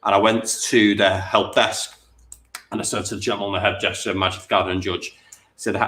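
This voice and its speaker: A man's voice: on the low side, little pitch movement, brisk, bright, forceful tone, reverberant. A man with an English accent chatting casually while playing a tabletop wargame. He rambles, corrects himself as he goes, and laughs easily. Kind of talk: casual chat during a game.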